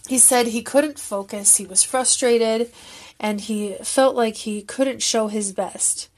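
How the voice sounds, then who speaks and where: A woman talks in a casual, heartfelt way, recapping a concert, earnest and sometimes rambling as she searches for words. Her voice sits a little high. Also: steady tone, slow pace. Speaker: fan video creator.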